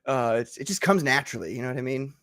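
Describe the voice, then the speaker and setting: A man's voice: mid-range voice, animated, fast, a bit bright, no echo, clean studio sound. A man hosting a casual live-streamed chat show, joking, laughing often and tripping over his words. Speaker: talk show host.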